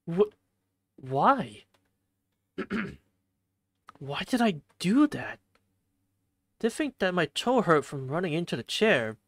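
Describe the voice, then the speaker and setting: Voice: mid-range voice, sing-song, takes it slowly, long pauses, no echo. A streamer reading a visual novel aloud and voicing a young male student who is irritable and bewildered, snapping and agitated.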